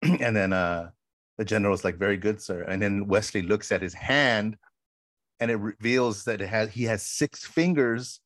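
A man co-hosting a podcast, casually retelling film scenes with lively quoted lines and frequent "bro". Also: fairly low pitch, unhurried, dry recording, clean studio sound. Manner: animated storyteller, says "bro" often. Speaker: podcast co-host.

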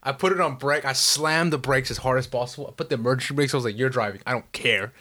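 A young man co-hosting a podcast, telling stories in casual chat, animated and swearing, saying "dude" a lot. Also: medium pitch, very fast. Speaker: podcast co-host.

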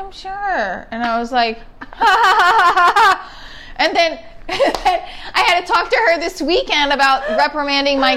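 Woman comic guest, high-ish voice, quick dramatic storytelling, faint hiss behind. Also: fairly bright tone. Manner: rapid, dramatic, acts out quotes with big swings. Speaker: podcast guest, comedian. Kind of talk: animated storytelling chat.

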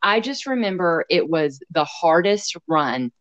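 Woman from Canada, running coach. Earnest, reflective talker with a deep voice and stammering restarts. Dry recording. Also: very animated, unhurried, fairly bright tone, no echo. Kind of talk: casual chat. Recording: dry, slightly dull sound.

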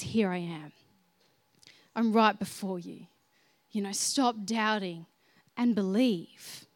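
A woman with a high voice preaching a sermon. She is earnest and moves between hushed, gentle passages and emphatic ones. The sound is dry and close. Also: no room sound.

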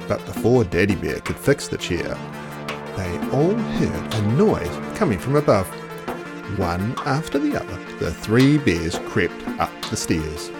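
A storyteller reading a children's storybook aloud in an expressive, playful way. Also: sits low, a little slow, music in the background.

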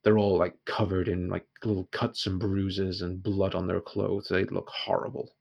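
A man's voice: sits low, little pitch movement, normal speed, gravelly, darkish tone. A man narrating as game master of a tabletop game, describing scenes in a loose, conversational way.

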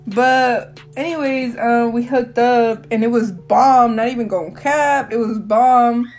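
A woman's voice: fairly high pitch, slow, darkish tone, faint music behind. Young woman rambling candidly on her podcast. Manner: candid, slangy, rambling storyteller who laughs often. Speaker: podcast host. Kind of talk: casual solo podcast chat.

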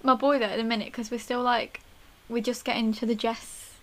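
A young woman in relaxed casual chat, answering with quick agreement and laughing easily. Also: fairly high pitch, low-quality recording.

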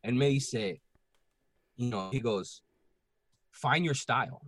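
A man with a Puerto Rican accent, telling a story in casual podcast chat, profane and animated. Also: medium pitch, takes it slowly, no echo. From Puerto Rico.

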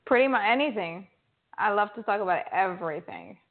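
Female interview guest, mid pitch, chatty, phone-line quality. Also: expressive, brisk. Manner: chatty, lots of "like" and "you know". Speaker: guest actress. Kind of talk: casual interview chat.

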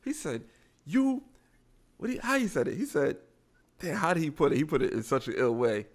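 A man's voice: on the high side, sing-song, quick pace. A man co-hosting a podcast, telling a story in casual chat and acting out the people he quotes. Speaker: podcast co-host.

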